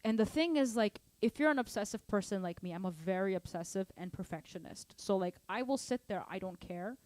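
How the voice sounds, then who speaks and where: A woman's voice: mid-range voice, expressive, a little fast, a little mellow, no echo. A woman teaching drums in a casual online lesson, chatty and playful, singing patterns aloud. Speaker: drum teacher answering student questions. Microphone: studio microphone at drum kit.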